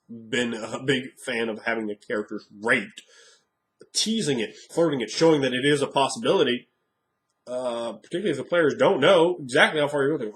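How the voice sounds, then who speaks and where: A man in a casual monologue about tabletop games, speaking frankly and rambling as he thinks aloud. His voice sits at a medium pitch. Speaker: game master.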